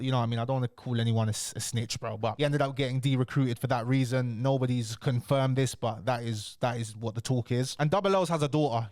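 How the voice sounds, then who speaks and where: A man's voice: medium pitch, darkish tone, no room sound, studio quality. A man, talking casually to camera as a commentator and telling stories with slang. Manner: chatty, storytelling, uses slang. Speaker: YouTube commentator.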